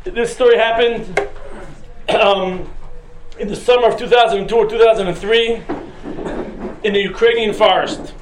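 A man's voice: sits high, steady tone, normal speed, pauses often. A man teaching a class who tells a personal story in a casual, humorous, chatty way with fillers. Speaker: Torah teacher. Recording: roomy echoing room with faint noise.

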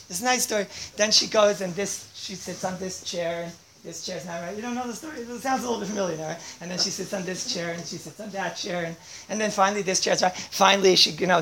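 A woman giving an informal class, talking animatedly, constantly checking in with her listeners and bursting into loud exclamations. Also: mid-range voice. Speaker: teacher. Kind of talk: informal class talk to students.

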